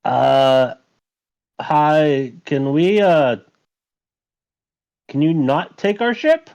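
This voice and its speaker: A man's voice: a little high, very slow, gravelly, a little mellow, smooth, lo-fi sound. A man playing a tabletop game, negotiating in character in a hesitant, polite way. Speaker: player.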